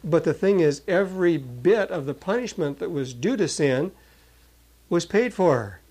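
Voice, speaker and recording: Guy preaching a sermon, kinda higher voice, earnest, reads verses out loud with punch. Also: lively intonation, a little slow, husky, low-quality recording. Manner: earnest, reads scripture aloud with emphasis; restarts and fillers while explaining. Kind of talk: sermon, Bible teaching.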